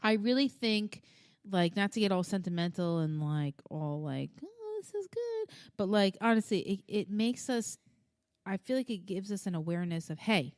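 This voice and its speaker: A woman in her thirties co-hosting a podcast, telling stories in an animated, casual way, swearing freely and acting out the voices of people in her stories. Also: mid-range voice, normal speed, smooth, dry recording, studio quality. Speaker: podcast co-host. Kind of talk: casual chat.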